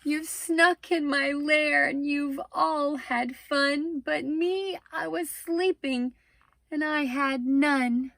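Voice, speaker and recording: A woman's voice: high-pitched, fairly even intonation, takes it slowly, gravelly, a bit bright, dry recording, far from the mic, pitched above the performer's own voice, exaggerated voice. A woman voicing a sad, sleepy big male bear who complains in a whiny way in a storybook.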